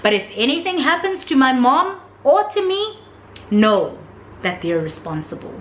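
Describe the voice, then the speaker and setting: A young woman with a South African accent telling a storytime vlog in an animated, dramatic way. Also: high voice, measured pace. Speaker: vlogger. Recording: roomy with faint noise.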